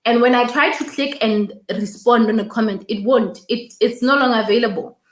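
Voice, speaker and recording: A woman's voice: on the high side, normal speed, echoey room. A woman hosting a casual YouTube live stream, chatting, reading viewer comments aloud and repeating her thanks.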